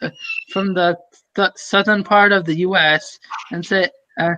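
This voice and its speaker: A young man in casual group voice chat, rambling and halting, full of fillers and restarts. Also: high-pitched, fairly even intonation, bright, forceful tone, no room sound. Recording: dull lo-fi voice chat audio.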